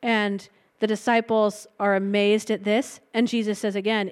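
A woman's voice: mid-range voice, level tone, normal speed, hardly any pauses, smooth. A woman preaching a sermon in a conversational way, retelling a Bible story and breaking into light laughs between points.

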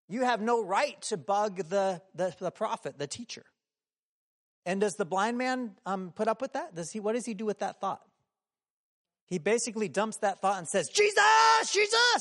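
High-voiced preacher asking questions. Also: male voice. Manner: conversational, asks the room many questions; acts out quoted voices, shouting at times. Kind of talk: sermon.

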